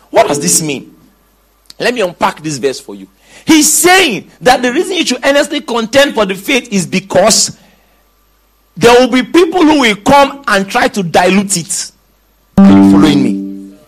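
A man's voice: high-pitched, big pitch swings, moderate pace, a bit bright. A middle-aged man preaching a sermon, reading scripture aloud and asking his congregation questions.

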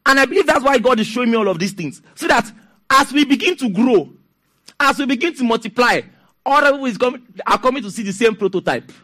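A man's voice: very high voice, fast talker. A man with a Nigerian accent preaching a sermon as pastor, telling stories with laughter and asking the congregation to respond. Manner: animated, storytelling with laughs and call-and-response.

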